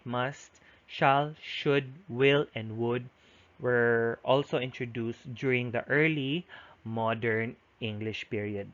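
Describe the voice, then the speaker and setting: A man delivers a recorded lecture at a middle pitch. He explains each point patiently, often restarting mid-sentence. The audio is dull and lo-fi. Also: fairly bright tone.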